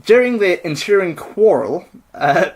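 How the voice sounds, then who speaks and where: A man's voice: high voice, animated, slow pace. A man co-hosting a podcast, retelling a myth in a rambling, jokey way with lots of fillers. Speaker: podcast co-host. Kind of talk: casual comedic myth retelling.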